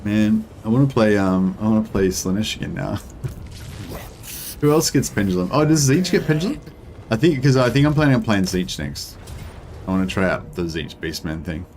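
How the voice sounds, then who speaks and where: Australian male game streamer, young adult, deep voice, rambly casual delivery with lots of fillers, faint hiss under the desk mic. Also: animated, moderate pace, a little mellow. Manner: rambling, filler-heavy, thinking aloud. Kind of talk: casual gameplay commentary, answering chat.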